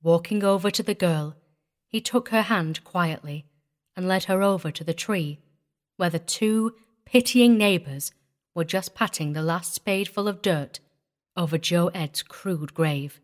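A woman reading a short story aloud in a measured, even storytelling manner. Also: lowish voice. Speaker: audiobook reader. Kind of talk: scripted story narration.

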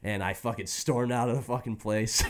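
A man's voice: medium pitch, normal speed. A man telling a long story in casual chat, swearing freely and laughing often. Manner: profane, animated, laughs often.

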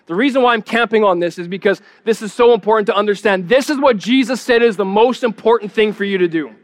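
A man's voice: high-pitched, fast talker. A man preaching a sermon as pastor, teaching in a plain spoken way, often repeating words as he searches for the next one and putting questions to the congregation.

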